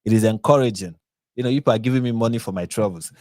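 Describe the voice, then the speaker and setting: A man with a Nigerian accent hosting a live reaction stream, chatty and quick to laugh, often restarting and correcting himself. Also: medium pitch, a little mellow, no echo, clean studio sound. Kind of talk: casual live-stream commentary.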